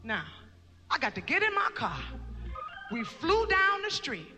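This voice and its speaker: A woman telling her testimony in a sermon, recounting the story with emphasis and breaking into shouted praise. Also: very high voice, huge pitch swings, a little slow, big-room sound, faint music behind. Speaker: mother giving testimony.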